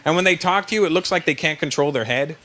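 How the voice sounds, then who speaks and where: Brief: male stand-up comedian, teasing the crowd, high pitch, noisy live club recording. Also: quick pace. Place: comedy stage before a live audience.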